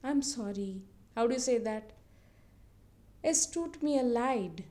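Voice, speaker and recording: Slow, patient woman teaching phrases. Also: sits high, expressive, a little mellow. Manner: repeats words syllable by syllable, drawn out. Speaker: language teacher. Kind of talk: slow, deliberate language lesson.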